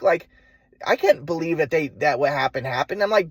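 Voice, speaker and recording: In a dry recording, a man with a fairly high, husky voice and lively intonation speaks at normal speed. The vlogger rambles through a personal monologue, stammering, restarting over and over, and cursing freely.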